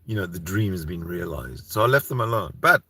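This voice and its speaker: A man's voice: sits low, expressive, fairly quick, bright, forceful tone, husky. A Canadian man hosting a rambling solo show, heated and profane, often restarting his sentences. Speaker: solo channel host. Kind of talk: rambling solo livestream talk.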